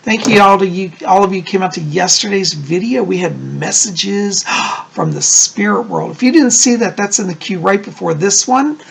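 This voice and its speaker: A man, a psychic and Wiccan high priest, chatting casually to his viewers in a gushing, rambling way. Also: normal speed, gravelly, slight background noise. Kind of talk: casual chat to camera.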